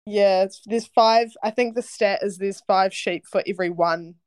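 A young woman with a New Zealand accent talks as a guest on a podcast. She sounds friendly and relaxed, and she laughs easily as she explains things. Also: mid-range voice, normal speed, clear, resonant tone. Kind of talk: casual chat.

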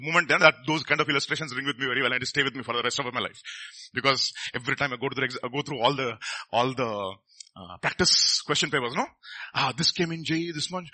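A man's voice: a little high, sharp tone, slightly rough. A middle-aged man, preaching a sermon in a conversational way and often asking the congregation questions.

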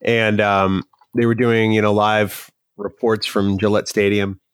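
A man's voice: lowish voice, flat delivery, measured pace, clear, resonant tone, no echo. Man, from New Hampshire, podcast host, dry joking banter, dead-dry sound. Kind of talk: casual chat.

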